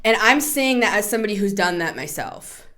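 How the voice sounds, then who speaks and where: A woman in her thirties hosting a tarot podcast, talking in a casual, chatty way, animated, laughing and swearing freely. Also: mid-range voice, a little fast. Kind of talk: casual spoken tarot reading.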